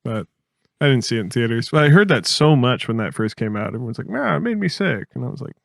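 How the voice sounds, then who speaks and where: A man co-hosting a podcast in casual chat, laid-back and quick to chuckle. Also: medium pitch, dry recording, studio quality. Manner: laid-back, chuckles often, acts out quotes. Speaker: podcast co-host.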